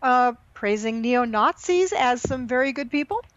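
A woman co-hosting a casual political chat show, animated, reading tweets aloud and laughing at her own slips. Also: a little high, normal speed, dry recording. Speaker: podcast co-host. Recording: dull lo-fi sound.

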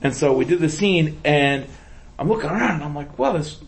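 Animated man telling stories, laughing. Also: a little high, fairly quick, vocal fry. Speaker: comedian and indie film actor. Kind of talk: casual storytelling chat.

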